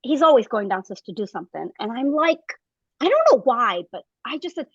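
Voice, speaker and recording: A fifty-year-old woman tells her story as a podcast guest, acting out the people she quotes. Her voice sits fairly high. The sound is dry and a little muffled. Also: big pitch swings, brisk, dry recording. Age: 50s. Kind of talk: casual storytelling interview.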